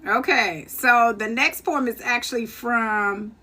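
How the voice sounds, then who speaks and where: A woman's voice: on the high side, takes it slowly, sharp tone. A woman hosting a live poetry stream, chatting casually and reacting with enthusiasm. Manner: enthusiastic reactions between performances. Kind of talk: casual chat. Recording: music playing behind.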